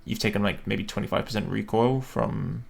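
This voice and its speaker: Gravelly man musing over a game plan. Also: on the low side, normal speed. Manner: musing, self-questioning, hesitant. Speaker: streamer. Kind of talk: thinking aloud while planning a game battle.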